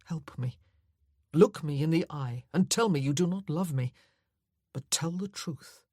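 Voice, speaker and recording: A woman's voice: low voice, a little slow, no room sound, studio quality. A woman voicing Percy, an earnest scarred earl. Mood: pleading. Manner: pleading, insistent, gentle. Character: earnest battle-scarred young male earl.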